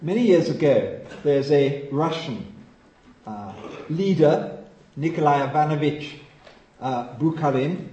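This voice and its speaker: A man from England preaching a sermon, telling stories with lively emphasis and dropping to a quiet hush at solemn points. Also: fairly high pitch, echoey room, highs cut off. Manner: animated storytelling, drops to a hush for solemn moments.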